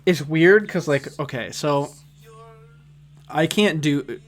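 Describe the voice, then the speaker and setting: A man hosting a casual reaction video, talking in a rambling, deadpan, self-mocking way. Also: fairly high pitch, slow, a crowd in the background. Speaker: host reacting to his old videos.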